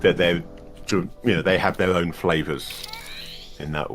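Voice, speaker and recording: Man, deep low voice, casual gaming chat, wry and rambling, faint music behind. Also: steady tone, moderate pace. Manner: chatty and wry, with frequent restarts. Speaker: co-player advising on the game.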